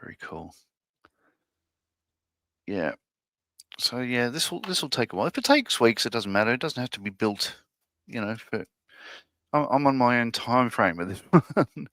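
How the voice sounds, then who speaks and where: A man's voice: medium pitch, sing-song, moderate pace, pauses often, a bit bright, no echo. A man, co-hosting a live scale-modelling stream, chatting casually, thinking aloud and reading viewer comments. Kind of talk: casual live-stream chat while building.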